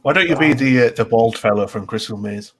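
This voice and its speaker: Northern english bloke, husky voice, teasing the others, laughs a lot. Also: male voice, medium pitch, a little fast. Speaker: co-host. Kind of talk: casual chat.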